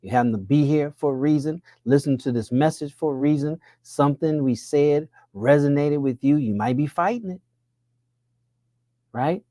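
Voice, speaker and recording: At a normal speed and in a dark tone, a male money coach preaches about finances, throwing out one rhetorical question after another and raising his pitch to press his points. The studio sound is clean, with no room sound at all.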